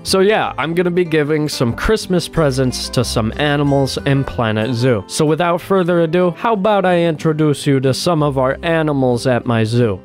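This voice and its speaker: A man from Buffalo, New York giving casual commentary on a game, excitable and swearing, cooing at the animals on screen. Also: mid-range voice, normal speed, faint music behind. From Buffalo, New York, USA. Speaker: gaming YouTuber.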